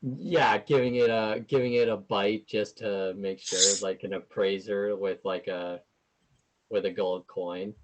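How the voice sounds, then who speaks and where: A man's voice: fairly low pitch, fairly even intonation, unhurried, highs cut off. A man running a tabletop game as game master, talking in a hesitant, loose and profane way.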